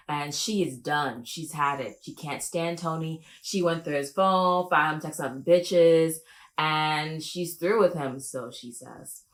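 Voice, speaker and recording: A woman vlogger giving a casual, gossipy reaction to a show, profane and opinionated. Her low voice jumps up sharply whenever she gets excited. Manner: animated, with big pitch jumps. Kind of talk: reaction video commentary.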